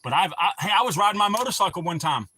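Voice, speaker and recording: A man's voice: high-pitched, lively intonation, very fast, bright, forceful tone, slightly rough. A man hosting a casual livestream, telling rambling, profane stories and laughing at his own jokes. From North Carolina. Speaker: livestream host.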